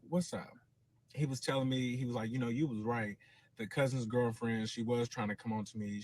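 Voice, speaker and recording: A man telling a personal story in a series, dramatic and full of swearing, acting out what others said. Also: mid-range voice. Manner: profane, dramatic, quotes others in voices.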